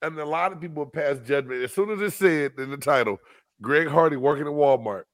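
A man's voice: fairly high pitch, fairly quick, dry recording, clean studio sound. A man from Texas co-hosting a podcast in casual chat, retelling stories in a laid-back way and laughing along. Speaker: podcast co-host.

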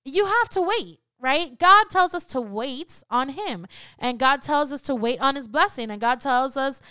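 A woman's voice: sits high, expressive, measured pace, pushed and bright, no echo, studio quality. A woman in her thirties talking candidly on a faith podcast, conversational and often checking in with "right?". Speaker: podcast co-host. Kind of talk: personal faith talk.

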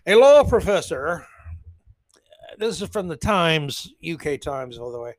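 A man's voice: fairly high pitch, very animated, unhurried, dry recording. A man hosting a solo commentary podcast, sarcastic and rambling with blunt asides. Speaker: podcast host.

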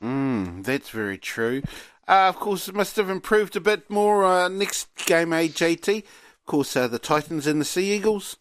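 A man hosting a casual sports talk show, relaxed and chatty. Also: a little high, measured pace, slight background noise. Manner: relaxed, chatty, uses Māori greetings. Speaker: host.

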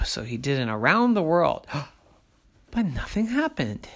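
A storyteller telling a children's story in a slow, sing-song way, dropping to soft asides. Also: mid-range voice, big pitch swings.

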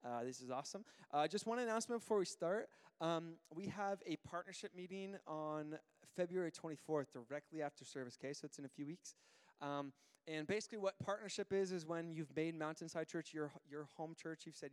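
A man's voice: a little high, brisk, clean tone. A man in his thirties, a pastor giving a casual sermon, telling stories with lots of fillers and restarts. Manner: chatty, storytelling, many fillers and restarts. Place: church auditorium. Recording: long hall reverb.

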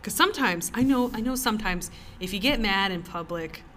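A woman co-hosting a podcast in a cellar, telling stories in casual chat as an animated storyteller who laughs often. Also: medium pitch, brisk, a little hiss or hum. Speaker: podcast co-host.

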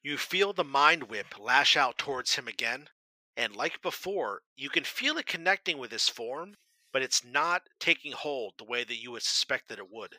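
Bright-voiced male game master. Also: medium pitch, dry recording, poor audio. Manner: steady, descriptive narration with brisk rule calls. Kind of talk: narrating a tabletop game.

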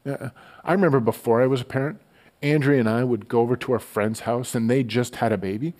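A man giving a relaxed, conversational sermon as a pastor, often repeating words as he goes. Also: medium pitch, fast talker. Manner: conversational, relaxed storytelling with frequent stammered word repeats.

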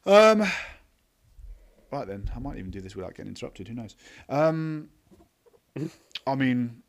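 A man's voice: medium pitch, very animated, unhurried, gravelly. Blunt, sweary male podcast host. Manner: talks over co-hosts, laughing often. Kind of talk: casual film review chat.

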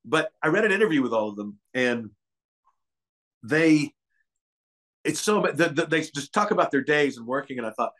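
A man's voice: on the high side, sing-song, normal speed, long pauses, a bit bright. Older guy from kentucky, guest actor, just rambling on casually about his work. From Kentucky, USA. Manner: meandering, chatty storyteller. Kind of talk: casual interview chat.

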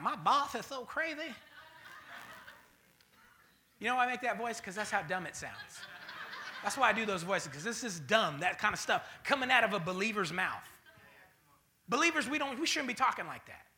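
A man preaching a sermon as pastor, swinging between loud bursts and mocking voices. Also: high voice, lively intonation, brisk.

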